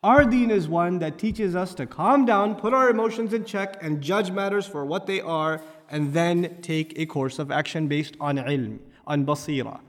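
A man's voice: fairly high pitch, normal speed, few pauses, long reverb tail. A man preaching a sermon, firing off rhetorical questions and building to emphatic peaks. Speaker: Islamic preacher.

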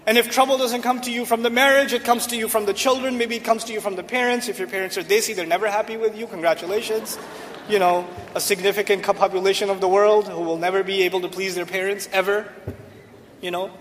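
High-voiced man lecturing in a hall. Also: fairly even intonation, fast, fairly bright tone, slight background noise. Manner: asks the audience rhetorical questions, jokes. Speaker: Islamic speaker. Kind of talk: humorous lecture to a live audience. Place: large hall, on stage.

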